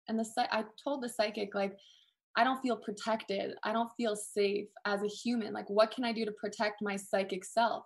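A woman on a video call, sharing warmly and apologizing nervously as a guest, then singing her own song. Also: medium pitch. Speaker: guest singer-songwriter. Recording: backing music playing. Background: backing music.

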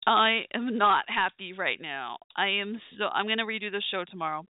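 A woman's voice: mid-range voice, lively intonation, moderate pace, slight background noise. A woman hosting a call-in talk show, flustered and laughing in embarrassment. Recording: tinny phone-line sound.

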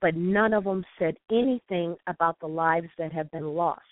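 A woman's voice: on the low side, normal speed, dry recording. A woman from St. Louis calling in to a talk show, telling an impassioned story with quoted dialogue. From St. Louis, USA. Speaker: call-in guest. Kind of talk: phone call-in talk show. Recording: tinny dry phone line.

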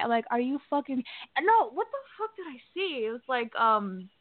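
A woman's voice: high-pitched, very animated, moderate pace, dry recording. A woman co-hosting a podcast, speaking in an indignant way and cursing. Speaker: podcast co-host. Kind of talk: casual political chat. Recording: dry tinny phone-like audio.

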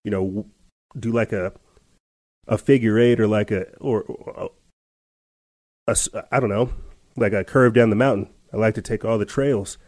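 A man's voice: lowish voice, steady tone, normal speed, pauses often, darkish tone, no room sound. A man hosting a podcast, telling a story in a rambling casual way with many restarts and laughs. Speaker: podcast host. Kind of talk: casual chat.

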